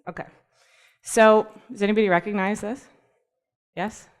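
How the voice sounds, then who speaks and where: A woman's voice: medium pitch, fairly even intonation, moderate pace. A woman giving a casual, upbeat presentation to a live audience, laughing easily and talking directly to the room. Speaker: speaker at a tech community talk. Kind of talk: conversational presentation.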